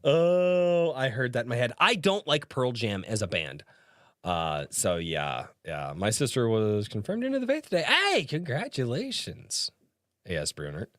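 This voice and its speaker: Giggly, profane man with a lively voice. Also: mid-range voice, normal speed, no room sound, clean studio sound. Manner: laughs often, swears freely, amused and mocking. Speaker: streamer reading viewer comments. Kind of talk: casual live-stream chat.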